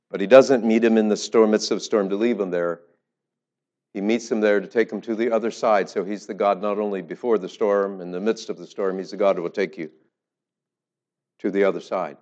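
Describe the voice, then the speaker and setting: A man with a low voice delivers a sermon as a former pastor. He tells stories, dropping quiet and then rising loud for emphasis. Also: highs cut off. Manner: storytelling with swings in loudness.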